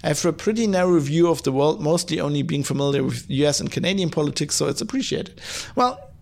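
A man hosts his podcast alone, his throat hoarse from hay fever. His voice sits slightly high and gravelly. He rambles through listener mail in a loose, profane way, full of ums and restarts. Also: expressive, quick pace, darkish tone. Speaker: podcast host. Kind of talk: casual solo podcast, reading listener mail. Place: at home, lives in Germany.

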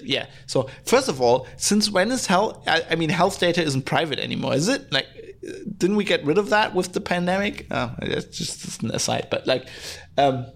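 A man hosting a podcast sounds a little high, a bit bright, and creaky, with an animated delivery at a moderate pace. He rants sarcastically and bluntly, cursing freely, using lots of fillers, and restarting sentences.

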